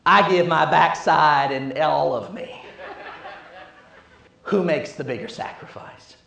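A man's voice: a little high, slow, creaky, fairly bright tone, highs cut off, voice pushed down, full character voice. A man voicing a wry farm pig who points out his bigger sacrifice, in a sermon story. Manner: dry, pointed rhetorical question. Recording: echoey room.

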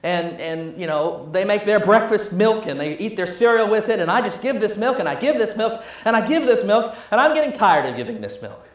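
A man's voice: high-pitched, big pitch swings, brisk, few pauses. A man voicing a weary farm cow who complains about giving milk, telling it in a sermon. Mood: weary complaint. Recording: echoey room.

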